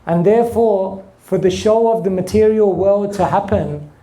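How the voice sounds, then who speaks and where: A man's voice: moderate pace, warm tone. A man giving a spiritual class, telling stories and acting out the dialogue in them. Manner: storytelling, acting out dialogue with rising pitch. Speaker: spiritual teacher. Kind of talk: sermon.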